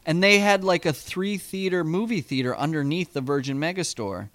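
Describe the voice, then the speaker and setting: A man's voice: fairly high pitch, moderate pace, a bit bright, dry recording. A man rambling through a self-deprecating story in a casual chat, laughing at his own jokes along the way.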